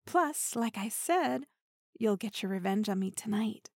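A woman's voice: medium pitch, lively intonation, unhurried, a little mellow, no room sound. A young woman playing a teasing, dominant female partner in an intimate audio role-play, giggling and slipping into half-whispers close to the mic.

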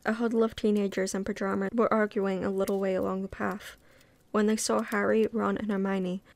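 A woman reading a novel aloud casually, relaxed and unpolished, sometimes stopping to comment. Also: medium pitch, a little fast, vocal fry. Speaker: reader.

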